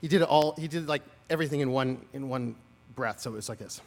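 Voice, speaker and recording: A man's voice: mid-range voice, quick pace, creaky, big-room sound. A man in his forties giving a commencement speech outdoors, telling stories with humor and self-deprecating asides. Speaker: commencement speaker. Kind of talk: graduation speech. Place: outdoor lawn ceremony.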